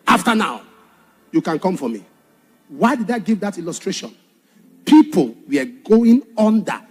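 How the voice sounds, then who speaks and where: A pastor preaches in a high, husky voice that swoops widely up and down. He tells his testimony with dramatic force, shouting some points and sinking low on others. Faint music plays behind him. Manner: dramatic, shouts for emphasis then drops low. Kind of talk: sermon with personal testimony.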